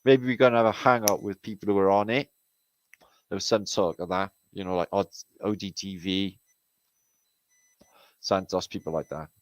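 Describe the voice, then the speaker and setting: A man's voice: low-pitched, fairly even intonation, moderate pace, long pauses, low-quality recording. Swearing British man hosting a livestream. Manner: rambling, swears freely, slangy and chummy. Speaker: livestream host. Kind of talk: casual livestream chat, reading out viewer comments. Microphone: streaming setup mic.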